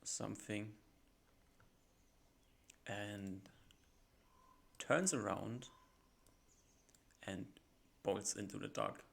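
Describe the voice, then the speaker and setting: A man's voice: lowish voice, extremely slow, creaky, long pauses, fairly bright tone. A man narrating as game master in a tabletop role-playing session, describing scenes loosely with many fillers. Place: home setup, live stream.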